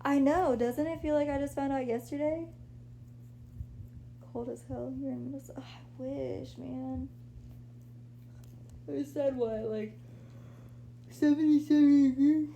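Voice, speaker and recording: Young woman, casual livestream host, laid-back and chatty, mellow tone with lots of vocal fry, faint hum behind. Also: high voice, steady tone, a little slow, pauses often. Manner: chatty, laid-back, says "like" and "y'all" a lot. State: pregnant, a little out of breath. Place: her apartment, lying down.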